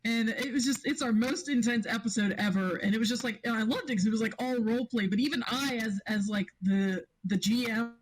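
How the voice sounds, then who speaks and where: A woman's voice: fairly high pitch, a little fast, hardly any pauses, rough recording. A woman guest on a casual podcast chat, a game master who rambles through her stories with many restarts and laughs.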